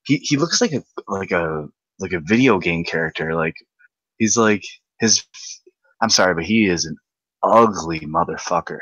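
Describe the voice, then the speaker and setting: Low-voiced young man rambling in a rant. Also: normal speed, breathy edge, no room sound, muffled recording. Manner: rambling, excitable, repeats words. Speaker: podcast host. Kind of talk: ranting casual chat.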